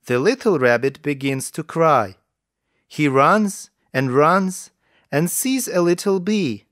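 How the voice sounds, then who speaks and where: A man narrating children's stories in a slow, careful way for English learners, with lively intonation. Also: a little high, no room sound, studio quality.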